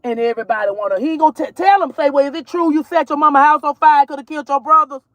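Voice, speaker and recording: A woman's voice: high voice, racing, dry recording. A woman from Georgia, ranting bluntly and profanely about her son in a casual vlog recorded while driving. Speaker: mother vlogger.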